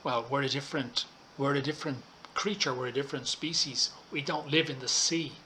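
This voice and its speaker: A man teaching an English lesson online, talking students through slides in a slow, deliberate way and checking in with frequent "okay"s. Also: mid-range voice, pushed and bright, a little hiss or hum. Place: Thailand.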